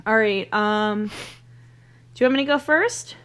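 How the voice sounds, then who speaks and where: A woman's voice: medium pitch, slow, fairly bright tone, clear, resonant tone. A woman co-hosting a comedy podcast in casual chat, hesitant and full of "um"s as she builds her points. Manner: hesitant, many "um"s and restarts. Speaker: podcast co-host.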